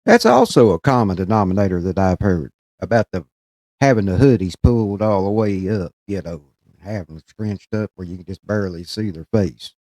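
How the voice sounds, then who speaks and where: A man with a low voice that swings widely in pitch chats back at a ghost story in a folksy, exclamatory way. His voice is close and dry, with no room sound. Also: expressive, normal speed, a little mellow, no echo. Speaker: host reacting to a video. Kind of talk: casual reaction commentary.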